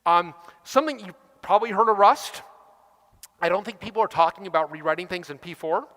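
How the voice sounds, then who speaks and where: A middle-aged man giving a technical conference talk, fast and emphatic, acting out the voices he quotes. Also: high-pitched, pushed and bright. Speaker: conference speaker. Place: large conference hall. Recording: reverberant hall.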